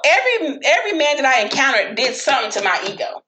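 Brief: woman, casual chat, profane animated storyteller, bright voice, roomy echo. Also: sits high, quick pace, slight background noise.

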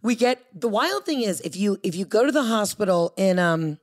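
A woman at a middle pitch tells a personal story in easy conversation. She keeps slipping into quoted lines of her own past self, which gives the telling a lively, acted-out feel. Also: normal speed. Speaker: guest. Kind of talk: casual storytelling.

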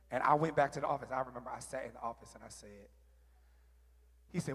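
A man sharing a candid, emotional personal testimony at church, with halting restarts. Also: mid-range voice, a bit bright, breathy edge. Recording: reverberant hall.

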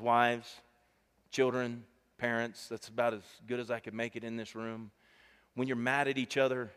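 A male pastor preaching a sermon to a congregation, animated and emphatic, calling out to the people. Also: mid-range voice, in a large hall. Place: church stage before a congregation.

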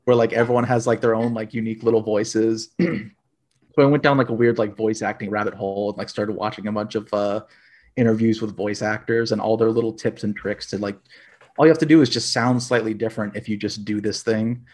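A man chatting casually as a podcast guest, rambling and filling pauses with "like". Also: fairly low pitch, steady tone, a little mellow. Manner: rambling, heavy use of "like" fillers. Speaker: podcast guest, dice maker. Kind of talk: casual chat.

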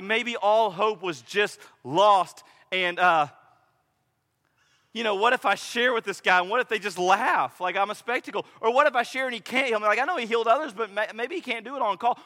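High, bright-voiced preacher in a hall. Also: male voice, normal speed. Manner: dramatic, swings from loud to hushed, acts out quotes. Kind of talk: sermon. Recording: echoey hall reverb.

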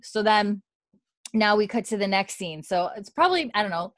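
A chatty woman walking through an episode's scenes, full of fillers and casual swearing. Her voice sits mid-pitch, recorded close and very dry. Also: animated, normal speed, a bit bright, dry recording. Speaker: podcast co-host.

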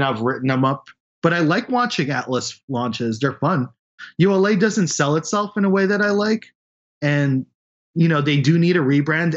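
Blunt, opinionated man on dull audio. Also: fairly high pitch. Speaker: space journalist. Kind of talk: casual podcast conversation.

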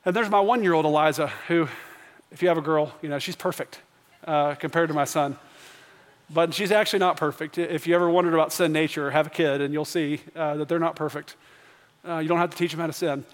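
A man's voice: fairly high pitch, steady tone, a little fast. A man in his thirties preaching a sermon as pastor, telling family stories in a conversational way and building to emphatic questions. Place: church sanctuary. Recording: long church reverb.

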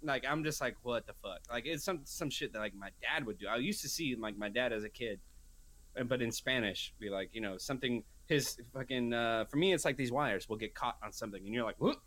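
A man's voice: medium pitch, a little fast. A young man co-hosting a podcast, rambling through stories in casual chat and acting out his own quoted lines. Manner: rambling, animated storytelling with put-on quoted voices. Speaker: podcast co-host.

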